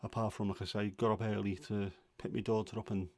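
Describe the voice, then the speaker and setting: A man's voice: lowish voice, little pitch movement, fast, a little mellow, no echo. A middle-aged man hosting a livestream from home, chatting casually in a grumbling, self-deprecating way. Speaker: livestream host. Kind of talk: casual chat.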